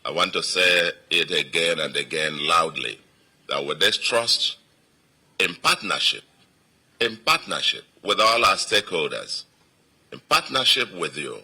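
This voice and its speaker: A man's voice: low-pitched, lively intonation, measured pace, pushed and bright, husky. A man with a Nigerian accent, a state governor giving an emphatic victory speech to supporters and repeating phrases for weight.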